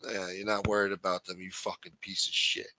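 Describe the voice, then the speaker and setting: A man's voice: low-pitched, flat delivery, a little fast, sharp tone, low-quality recording. A man hosting a livestream, ranting in an angry, profane, blunt manner. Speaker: host. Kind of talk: livestream political rant.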